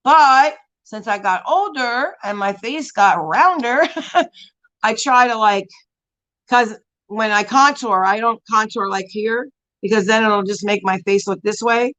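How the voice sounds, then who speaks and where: A woman's voice: on the high side, measured pace, a bit bright, highs cut off. A woman hosting a casual beauty live stream, chatting and answering viewers in a rambling way full of fillers and frequent laughs. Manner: laughs often while talking.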